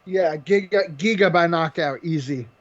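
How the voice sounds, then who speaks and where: A man with a rather high voice chats loosely through fight picks, cracking jokes and laughing often. The stream audio is a little dull and lo-fi. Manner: joking, laughs often, quick banter. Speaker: podcast co-host. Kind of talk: casual chat about fight picks.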